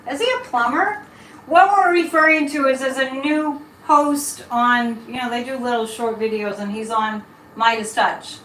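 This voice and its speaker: Middle-aged woman, chatty livestream psychic, slightly high voice, recorded in a roomy echo. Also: normal speed, a bit bright, a little hiss or hum. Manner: chatty, reading viewer comments aloud and digressing. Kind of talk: casual live chat and tarot reading.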